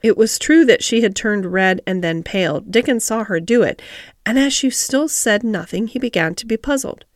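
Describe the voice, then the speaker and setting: A woman narrating an audiobook of a classic story in a calm, measured reading style. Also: medium pitch, no room sound, studio quality.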